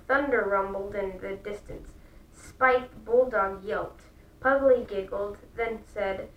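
A woman reading a children's book aloud, slow and careful with small restarts. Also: mid-range voice. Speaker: storybook reader. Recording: echoey room, far from the mic, faint background noise.

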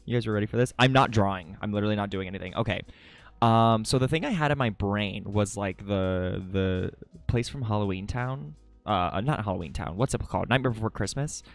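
A man's voice: a little fast, creaky, soft background music. A man streaming live and chatting casually with his viewers in a playful, dramatic way, from his room at home. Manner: playful, dramatic, swings to high squeaky jokes. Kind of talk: casual livestream chat with viewers.

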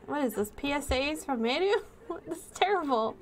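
A woman's voice: high voice, animated, fairly quick, a little hiss or hum. A woman streaming a horror game, chatting with sarcastic jokes and giggles as she plays. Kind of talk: live game commentary.

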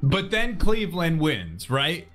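A man with a slightly high voice whose pitch swings a lot joins a friend's game stream. His banter is dry and teasing. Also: big pitch swings, slow, fairly bright tone, faint music behind. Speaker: gaming friend. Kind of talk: casual chat over voice call.

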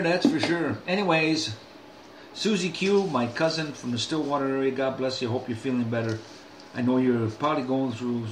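An older man with a mid-range voice addresses his viewers directly in a folksy, rambling vlog monologue, restarting often and wandering into asides. The echoey room has faint ambience and slight background noise.

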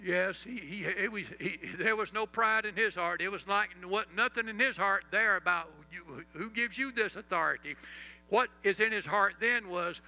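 A man pastor preaching a sermon, leading the congregation in call-and-response and reciting scripture, sometimes dropping to a soft, slow voice for emphasis. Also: high-pitched, rough recording.

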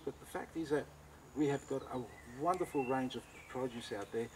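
A man's voice: medium pitch, normal speed, darkish tone, slight background noise, low-quality recording. An Australian man, a cooking teacher giving a talk, tells a story with animation and acts out both sides of a conversation.

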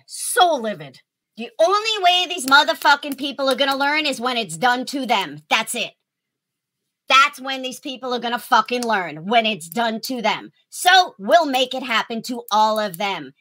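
A woman in a furious, profanity-laden rant, her voice sitting high and swinging wildly up and down. The tone is bright and cutting, and she spits out threats with constant swearing. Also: very animated, unhurried. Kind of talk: angry ranting monologue.

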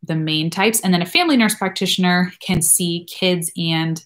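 A woman in her thirties hosts a live question-and-answer stream, answering viewers in a loose, rambling way full of fillers and side tangents. Her voice sits a little low for a woman. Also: normal speed, a bit bright. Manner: rambling and chatty, many fillers and asides. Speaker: nurse practitioner and channel host.

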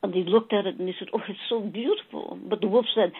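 A woman delivers a channeled spiritual message, slowly telling a fable and addressing her listeners as beloved souls. Her voice is husky and sits at a medium pitch. The audio is tinny and narrow, like a phone line.

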